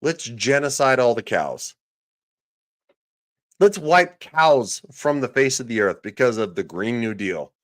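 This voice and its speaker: A man's voice: mid-range voice, lively intonation, a little slow, a bit bright. A man delivering a ranting reaction commentary, sarcastic, profane and mocking. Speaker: political commentator.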